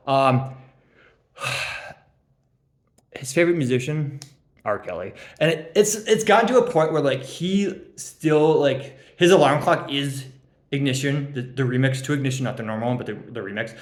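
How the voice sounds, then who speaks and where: A man's voice: mid-range voice, animated, moderate pace. Young guy ribbing his league buddies, rambly with lots of ums, roomy echo. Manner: teasing, rambling, laughs at own jokes, many ums. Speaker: fantasy league commissioner giving draft grades. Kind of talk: joking casual roast.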